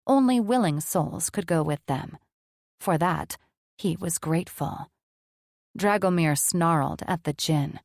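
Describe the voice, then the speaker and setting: A woman narrating a fantasy romance audiobook in a measured, even reading. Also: fairly low pitch, dry recording, studio quality. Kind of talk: scripted narration.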